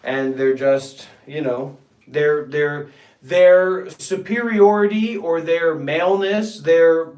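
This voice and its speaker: A man hosting a meditation livestream, ranting in a profane, scornful way, with drawn-out pauses. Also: fairly high pitch. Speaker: meditation channel host. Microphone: livestream setup. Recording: echoey room.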